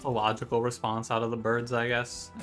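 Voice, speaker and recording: A man's voice: mid-range voice, completely flat delivery, fairly quick. Wry man commenting on his game run. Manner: wry, joking, mock trash-talk. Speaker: video game streamer. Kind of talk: gameplay commentary. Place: room at home by a window. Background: game music.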